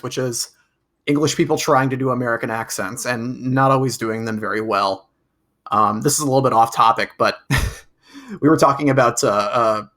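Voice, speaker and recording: Bright-voiced rambling podcast co-host man. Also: medium pitch. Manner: rambling, restarts with stacked repeats. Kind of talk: casual chat.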